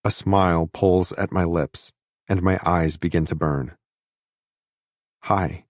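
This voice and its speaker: A man narrating a first-person audiobook in a steady, intimate reading on a close studio mic. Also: sits low, a little slow, no echo.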